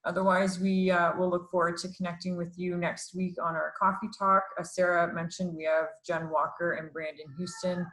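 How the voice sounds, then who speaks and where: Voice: mid-range voice, flat delivery, moderate pace, hardly any pauses, a bit bright, rough recording. A host wrapping up a live online talk over a video call, upbeat and relaying questions from the chat. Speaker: webinar host.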